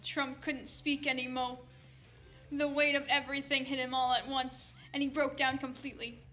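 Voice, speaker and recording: High, bright young woman reading fanfic. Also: flat delivery, moderate pace, soft background music. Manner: rambling, swearing, self-interrupting. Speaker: fanfic reader. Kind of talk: casual comedic reading.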